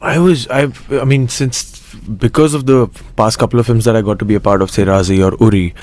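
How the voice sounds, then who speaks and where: A man's voice: mid-range voice, fairly even intonation, a little fast, darkish tone. A young adult man from Mumbai, a guest in a casual interview, talking eagerly with many restarts and fillers. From Mumbai, India. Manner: eager, rambling with frequent restarts. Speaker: actor guest.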